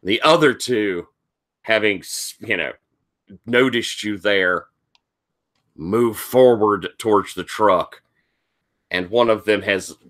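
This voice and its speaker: Leading a tabletop game, a game master with a bright, forceful, fairly low voice improvises loose descriptions of the action and leans on casual fillers. He speaks slowly and pauses often.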